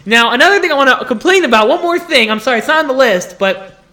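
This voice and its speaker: A young man with a fairly high voice hosts his own podcast and rants animatedly. His tone is bright and sharp, and he complains freely while breaking into laughter as he goes. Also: animated, quick pace. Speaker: podcast host. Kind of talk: casual solo rant.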